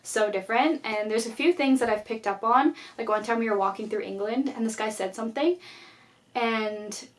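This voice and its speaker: A woman's voice: a little high, normal speed. Young female vlogger, chatty casual talk, filler-heavy, conversational delivery. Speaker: YouTuber. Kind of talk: casual journaling vlog chat.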